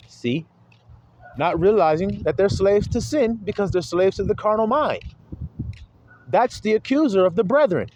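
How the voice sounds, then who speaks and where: A man's voice: high voice, animated, normal speed, long pauses, darkish tone, a little hiss or hum, poor audio. A man preaching a sermon, pressing his listeners with rhetorical questions and calling them his little flock.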